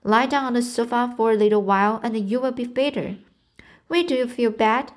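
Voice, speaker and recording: A woman's voice: on the high side, brisk, pitched above the performer's own voice, close to an everyday voice. A woman reading aloud voices an eager, chatty young girl who pleads with her guest in a storybook. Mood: pleading.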